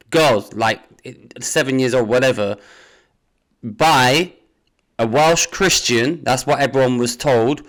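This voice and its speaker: A man in casual podcast chat. His pitch sits in the middle and he leans on key words with disbelief. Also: a bit bright. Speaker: podcast co-host.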